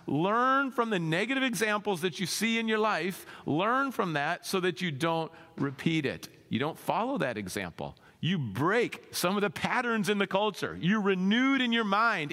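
A man preaching a sermon as pastor, animated, acting out voices in his quotes and swinging between loud rises and quiet drops. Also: high-pitched, moderate pace, few pauses. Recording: long hall reverb.

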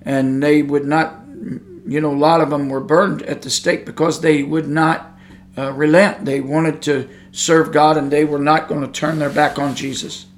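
A man preaching a podcast sermon in a folksy drawl, his voice sitting high for a man. He talks straight into the microphone, speaking plainly and with emphasis, and pushes hard with fervent intensity. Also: level tone, normal speed, soft background music. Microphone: studio microphone.

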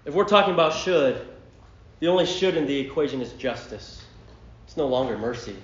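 A male pastor preaching a sermon, emphatic, dropping to a hush and then rising to a shout. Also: mid-range voice, animated, brisk, echoey room, highs cut off. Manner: emphatic, swinging from hushed to shouting.

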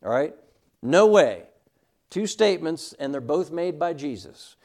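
A middle-aged man teaches a Bible class with emphatic conviction, often checking in with his listeners. His voice sits high and rises and falls widely as he reads verses slowly and stresses each word. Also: animated, a little mellow. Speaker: Sunday school teacher.

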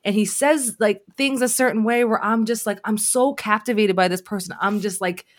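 A woman hosting a casual chat, animated and candid, her speech full of fillers. Her pitch sits in the middle range. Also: moderate pace. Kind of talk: casual conversation.

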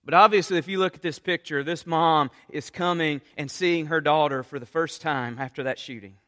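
A man preaching a sermon with passion, going from quiet talk to loud appeals. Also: a little high, fairly even intonation, moderate pace, long reverb tail. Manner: impassioned, rises from quiet to loud. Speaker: pastor.

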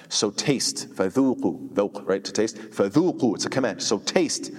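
Fast-talking man teaching with hall echo. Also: on the low side, a little mellow. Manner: rapid, emphatic, asks rhetorical questions. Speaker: Quran teacher. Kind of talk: explanatory lesson.

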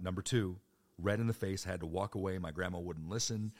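A man's voice: brisk, no echo, clean studio sound. A man in his thirties telling rambling personal stories in a casual way, jumping into voices for other people. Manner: rambling and animated, jumps into high-pitched voices for other people. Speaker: storyteller.

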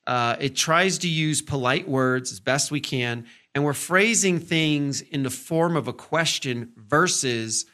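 A man's voice: a little high, measured pace, hardly any pauses, sharp tone. Man talking through respectful manners. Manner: conversational, full of fillers and "right?" check-ins; acts out tones in short quoted examples. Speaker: podcast host. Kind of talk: casual teaching monologue.

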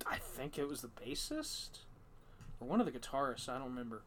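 A man's voice: medium pitch, big pitch swings, brisk, a bit bright, slight background noise. A rambling, cursing podcast host man. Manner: rambling, profane, many fillers and restarts. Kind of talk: casual storytelling chat.

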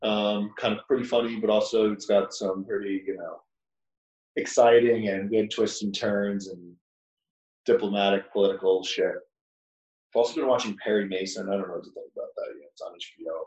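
A man's voice: fairly low pitch, steady tone, moderate pace, darkish tone, lo-fi sound. A man co-hosting a podcast in casual chat, making dry jokes and wry asides. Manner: dry, joking, adds wry asides and mock voices. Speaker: podcast co-host.

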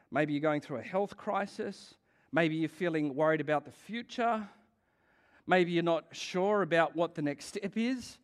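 A pastor preaching a conversational sermon, asking the congregation questions and laughing often. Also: male voice, a little high.

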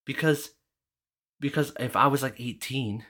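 A man's voice: lowish voice, normal speed. A man in his early thirties on a podcast, casually telling a story in a profane, ranting way and acting out both sides of the exchange. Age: 30s. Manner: profane, ranting, animated retelling. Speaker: podcast host.

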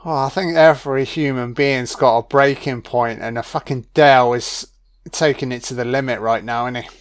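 A man's voice: mid-range voice, fairly even intonation, moderate pace, smooth. Sweary, chatty man. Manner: profane, chatty, laughs often. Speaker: film commentator. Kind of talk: casual audio film commentary.

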